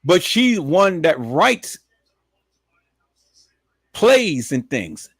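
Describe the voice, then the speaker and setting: A man hosting a live stream, talking in a preachy, repetitive way that swings from low muttering to loud emphatic shouting. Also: big pitch swings, very slow, husky, no echo. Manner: preachy, repetitive, addresses viewers as peoples.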